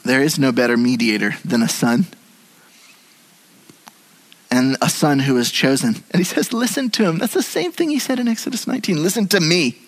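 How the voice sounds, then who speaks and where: A man preaching a sermon as pastor in a church, moving between hushed and animated delivery. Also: mid-range voice, normal speed, pauses often, low-quality recording. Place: church sanctuary.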